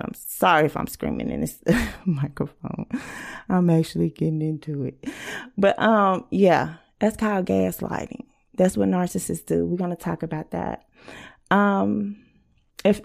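A woman's voice: lowish voice, gravelly, darkish tone. A woman hosting a casual podcast, blunt and profane, acting out quoted arguments. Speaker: podcast host.

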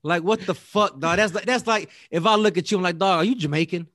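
A man of Latin American heritage telling a story in casual chat, animated and profane, often repeating and restarting words. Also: sits high, a little fast, dry recording, clean studio sound.

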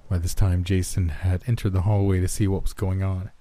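A man narrating a scripted horror story in steady first-person telling. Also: low voice, fairly quick, few pauses.

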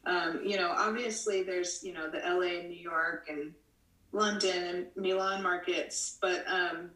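A woman's voice: on the low side, fairly even intonation, a little slow, sharp tone. Chatty woman with fillers, in a roomy space. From United States. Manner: rambling, many "you know" fillers and restarts. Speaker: model, interview guest. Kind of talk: casual interview answers. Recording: roomy, from a distance.

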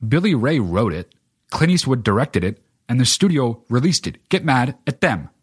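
A man's voice: medium pitch, very animated, moderate pace, breathy edge, no room sound, studio quality. A man hosting a solo podcast, ranting casually about films in a profane, rambling way with lots of filler words. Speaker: podcast host. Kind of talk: casual solo film rant.

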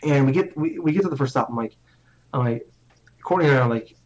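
A man's voice: mid-range voice, fast, darkish tone. A young man tells a long story in loose, casual chat, cursing freely and poking fun at himself. His sentences trip and restart as he goes. The recording sounds slightly dull and lo-fi. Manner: rambling, profane, self-mocking, restarts often.

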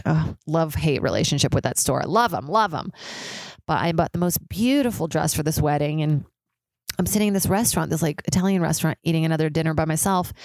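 A young woman hosting a casual solo podcast, chatty and swearing, peppered with "like". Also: no room sound. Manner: mimics others in high squealing voices. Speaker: podcast host.

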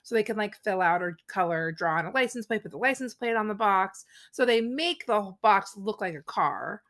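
A woman's voice: mid-range voice, a little fast. A woman in her thirties co-hosting a podcast, chatting casually and peppering her stories with "like". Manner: chatty, peppered with "like", animated quoting. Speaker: podcast co-host. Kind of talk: casual chat.

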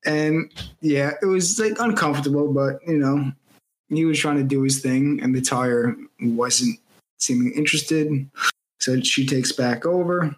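A man's voice: medium pitch, unhurried, poor audio. A man co-hosting a casual movie podcast, steadily retelling a film's plot. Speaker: podcast co-host.

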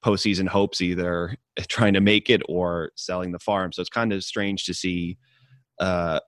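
A man guest on a podcast, asking a question in a measured, hesitant way with many fillers. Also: sits low, fairly even intonation, a bit bright, no room sound. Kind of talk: casual podcast interview.

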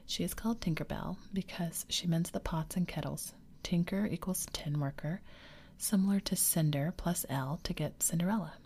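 A woman's voice: fairly low pitch, normal speed, dark tone. A woman whispering the part of a cheerful, boastful boy who never wants to grow up, in a whispered role-play. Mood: gleeful. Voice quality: breathy whisper. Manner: eager, boyish, carefree.

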